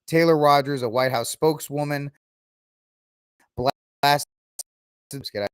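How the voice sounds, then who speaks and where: A man's voice: fairly high pitch, measured pace, smooth, no echo. Sarcastic man ranting on his podcast, dry sound. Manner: ranting, sarcastic, mocking asides. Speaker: podcast host. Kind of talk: opinionated solo commentary.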